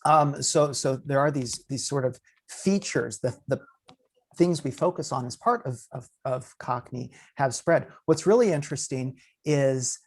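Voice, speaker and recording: A man's voice: medium pitch, animated. A man on a webinar panel talking about language in an academic way, often repeating his first words. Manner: stammering repeated starts, measured. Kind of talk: academic discussion. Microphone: video call.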